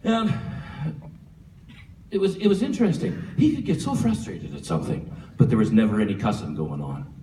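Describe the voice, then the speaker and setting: A man giving a humorous eulogy for his father at a church memorial, a lively storyteller who chuckles often. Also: on the low side, moderate pace. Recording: echoey hall from far off with faint room noise.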